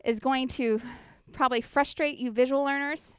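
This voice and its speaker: In a conference workshop room, a woman teaches about children's ministry, keeping things chatty and engaging and frequently checking in with listeners over a handheld mic. Her high-pitched voice is clear, resonant and a bit bright, with a steady tone and moderate pace, and there's no room sound.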